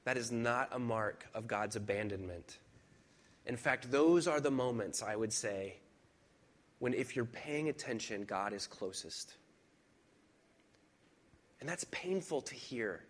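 A pastor with a mid-range voice preaches a sermon in a conversational, personal style. He pauses to reflect and repeats himself for emphasis.

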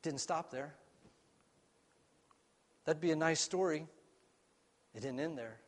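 A pastor delivering a sermon in a slightly higher-than-usual male voice. He tells his story with earnest feeling, climbing to loud emphasis and then dropping to a near hush. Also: takes it slowly. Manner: earnest, swings between loud and hushed.

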